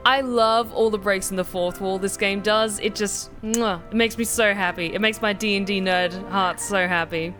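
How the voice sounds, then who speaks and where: Give me an excitable woman streaming a game, gushing as she talks. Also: medium pitch, normal speed, hardly any pauses, soft background music. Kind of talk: casual game-stream commentary.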